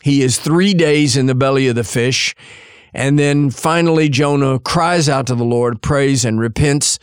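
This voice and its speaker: A male preacher tells a Bible story in sermon style, with a mid-range pitch. His delivery moves between slow, deliberate phrases and quicker runs. The recording is dry and close, with no room sound. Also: clean tone, no room sound. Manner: storytelling, acts out quotes.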